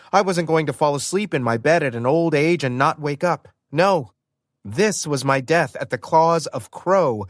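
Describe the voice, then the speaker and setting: Guy reading an audiobook, expressive storyteller, mid pitch, dry studio mic. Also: no room sound. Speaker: audiobook narrator. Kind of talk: first-person audiobook narration.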